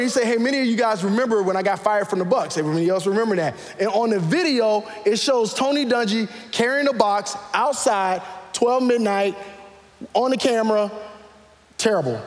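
In a big-room setting, a high-voiced pastor delivers a sermon to a live congregation. He animatedly calls out questions to the crowd and asks for raised hands.

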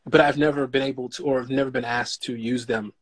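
A man being interviewed as an actor guest, telling stories in a relaxed way with lots of "you know". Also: mid-range voice, fast talker. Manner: relaxed storytelling, says "you know" a lot. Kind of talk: casual interview chat.

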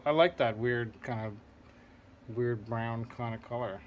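A man's voice: mid-range voice, measured pace, lo-fi sound, very noisy. Enthusiastic man touring guitar gear. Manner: enthusiastic, admiring, rambling, often searching for names. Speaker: vlogger touring a gear collection. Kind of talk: casual walkthrough commentary. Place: indoors in a room full of guitars and amps.

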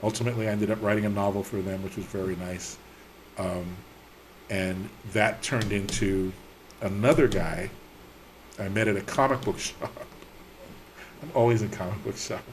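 A man's voice: on the low side, moderate pace, pauses often, slight background noise. A man, a TV writer, telling stories in a casual interview, acting out the people he quotes, laughing and swearing freely. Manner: animated, acts out quoted dialogue, laughs often; slangy, salty talk. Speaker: TV writer and producer, podcast guest.

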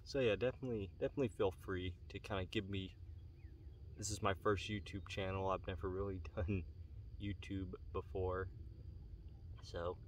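A man with a deep, fairly monotone voice talks casually to his viewers in an earnest, halting way. He is recorded outdoors from a little distance. Faint outdoor noise with the odd passing vehicle sits behind him. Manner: earnest, halting, many pauses. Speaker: pipe-smoking channel host. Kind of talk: casual vlog talk to viewers. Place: outdoors on a rural property.

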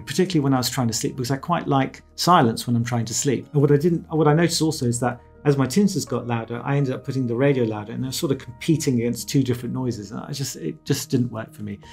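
Gravelly-voiced man explaining casually. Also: medium pitch, darkish tone. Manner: conversational, reassuring, with asides and quoted self-talk. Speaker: ENT surgeon explaining his experience.

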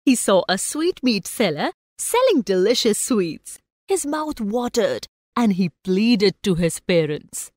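A woman, narrating a story for students in a slow, expressive way and asking the class questions. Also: mid-range voice, no echo, clean studio sound.

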